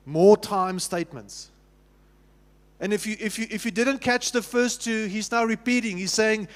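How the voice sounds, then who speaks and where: A man's voice: high-pitched, a little slow. A man with a South African accent preaching a sermon as pastor, talking with the congregation in an easy, conversational way, often restarting and asking them questions. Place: church sanctuary. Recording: long reverb of a church hall.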